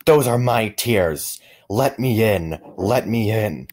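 A man voicing a toothless, menacing male monster with a raspy, whispering voice that turns into hoarse screams. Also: deep voice, slow, a little mellow. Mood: hoarse screaming.

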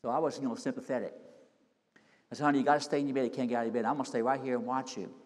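A middle-aged man, a senior pastor, preaching a sermon with folksy stories that climb into loud, emphatic peaks. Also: mid-range voice, fairly even intonation, racing. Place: church sanctuary. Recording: long hall reverb.

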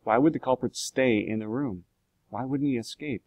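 A man's voice: medium pitch, normal speed, darkish tone, dry recording, pitched above the performer's own voice, close to an everyday voice. A man reading aloud, voicing a cautious, doubtful lawyer in a storybook. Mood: wary. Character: cautious, shaken male lawyer.

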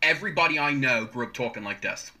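A man's voice: mid-range voice, quick pace. A man with a South Jersey, Mid-Atlantic accent telling a story in a casual, profane, self-mocking way. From South Jersey, USA. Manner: animated, profane, mocking himself. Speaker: social media storyteller.

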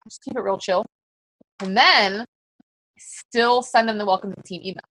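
A woman's voice: medium pitch, moderate pace, a bit bright, low-quality recording. Chatty, conversational woman coaching peers. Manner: very conversational, chatty with many fillers. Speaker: fitness business coach. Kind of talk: casual teaching talk to fellow coaches.

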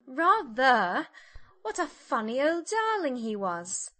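A woman's voice: sits high, big pitch swings, slow, bright, forceful tone, full character voice. A woman playing a gushing young society lady.

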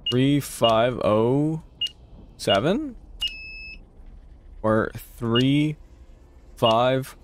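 A man's voice: medium pitch, extremely slow, pauses often, background noise. A man streaming a horror game, reacting to scares, swearing at the game and talking back to what he sees on screen. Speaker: gaming streamer. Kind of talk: horror game let's play commentary.

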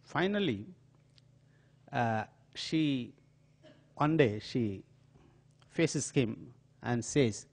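An older man from India with an Indian accent, a diplomat telling anecdotes in a lecture in an auditorium, with some pauses and hesitations. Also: mid-range voice, lively intonation, darkish tone. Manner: storytelling with acted quotes and pauses, some filler hesitations. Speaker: diplomat giving a talk.

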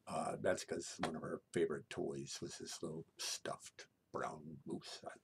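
A man telling a family bedtime-style story in a conversational way, often dropping to a hushed whisper, with frequent fillers like "you know.". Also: a bass voice, big pitch swings, a little slow, creaky, few pauses, background noise.

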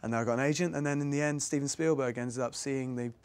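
A young Englishman, an actor visiting a school, fields pupils' questions before an audience in a classroom. He talks fast at a medium pitch, rambling casually and poking fun at himself with frequent laughs, over a slight hiss or hum.

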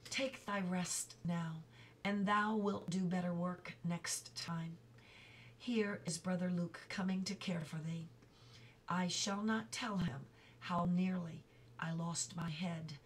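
A patient old monk carpenter who speaks quietly and gently in old-fashioned thee-and-thou phrasing, as a woman reads him. The voice is low and slow, with a faint noise behind it. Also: fairly even intonation. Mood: kindly.

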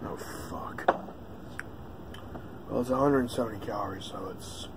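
A man's voice: fairly low pitch, fast, very noisy. A man vlogging in casual chat, offhand and drowsy, who swears freely.

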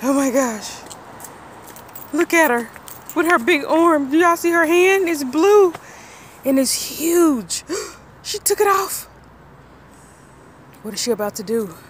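Woman vlogger, high lively voice, unhurried, playful mom filming outdoors with faint background noise. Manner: animated, teasing, talks to viewers. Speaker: mother filming her child. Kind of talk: playful family vlog narration. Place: outdoors near woods.

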